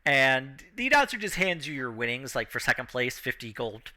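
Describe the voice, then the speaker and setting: A man narrating as game master of a tabletop game, acting out the crowd and announcer in an animated way. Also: mid-range voice, normal speed.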